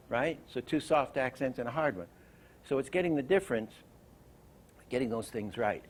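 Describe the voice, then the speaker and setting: A man's voice: mid-range voice, lively intonation, moderate pace. An older man giving a lecture on animation, telling anecdotes and acting out the lines he quotes. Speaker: animation teacher.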